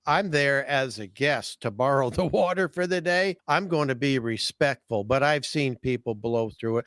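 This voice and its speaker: A man's voice: fairly high pitch, expressive, moderate pace, hardly any pauses, fairly bright tone, no room sound. Folksy, chatty man on a dry mic. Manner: folksy, enthusiastic, repeats words. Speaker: podcast host, fishing guide. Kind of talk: casual podcast chat.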